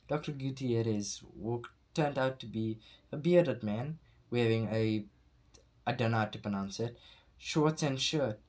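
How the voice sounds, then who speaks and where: A man's voice: medium pitch, unhurried, darkish tone. A man reading a novel aloud at home, often stumbling and correcting himself mid-sentence. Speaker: reader. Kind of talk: amateur novel read-aloud.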